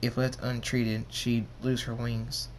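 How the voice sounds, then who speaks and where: A man's voice: medium pitch, completely flat delivery, slow pace, a little hiss or hum, lightly acted, rough recording. Man reading a matter-of-fact pony nurse.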